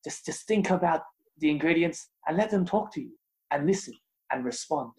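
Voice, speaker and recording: An earnest, lecturing Italian celebrity chef, as a man puts him on in a comic impression, lilting in a put-on accent. His voice is pitched a touch above his usual talk, and he speaks from a little off the mic. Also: lively intonation, normal speed, darkish tone, low-quality recording. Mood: dreamy lecturing. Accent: fake Italian. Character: flamboyant middle-aged Italian celebrity chef, dreamy.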